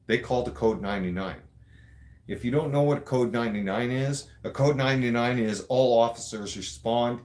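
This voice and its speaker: A man's voice: lowish voice, darkish tone. A man hosting a show, telling a story in a blunt, casual way, swearing constantly and talking straight to his listeners. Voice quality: blunt, heavy swearing, streetwise.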